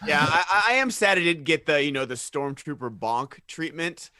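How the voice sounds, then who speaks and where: Chatty high-voiced male co-host. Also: animated, moderate pace, sharp tone, no echo, studio quality. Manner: chatty, laughing asides. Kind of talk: casual live-show banter.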